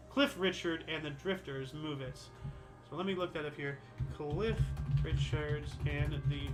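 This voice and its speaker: Bright-voiced chatty man, voice cracking. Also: on the high side, poor audio. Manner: chatty, sarcastic asides, self-corrects. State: slightly dry-voiced, voice cracking. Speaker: host of a history show. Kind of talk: casual commentary reading dates.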